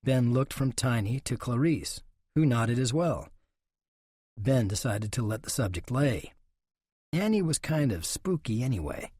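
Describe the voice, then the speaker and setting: A man narrating a western audiobook in a steady, unhurried way. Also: medium pitch, slightly rough, no echo, studio quality.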